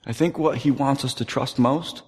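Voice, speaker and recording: A man in his thirties preaching a sermon, earnest, dropping to soft, hushed tones at tender moments. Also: mid-range voice, moderate pace. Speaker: pastor. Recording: long hall reverb.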